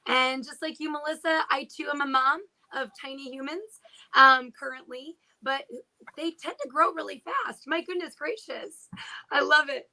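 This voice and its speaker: Upbeat woman in her 30s, high bright voice, cheering other teachers on. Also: fairly even intonation, normal speed, gravelly, poor audio. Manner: upbeat, encouraging. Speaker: teacher and technology integration specialist. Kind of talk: casual panel chat.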